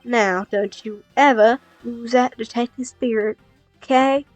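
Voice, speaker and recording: A woman voicing a calm, composed male prosecutor who speaks in a measured, formal way. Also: on the high side, no echo, faint music behind, natural voice. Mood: stern. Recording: dull dry lo-fi recording.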